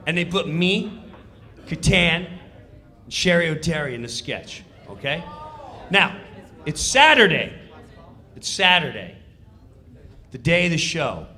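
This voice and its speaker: A male comedian telling a backstage story in an animated, conversational stand-up style. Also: on the high side. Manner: animated, conversational, builds to punchlines.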